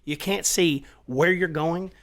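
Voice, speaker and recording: A middle-aged man in casual podcast chat, talking emphatically with lots of swearing and animated storytelling. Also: on the high side, slow.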